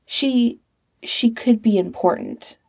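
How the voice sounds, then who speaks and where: A woman voicing a gentle, patient young man talking softly to his friend. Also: fairly high pitch, slow, slightly rough, pitched above the performer's own voice, heavily acted.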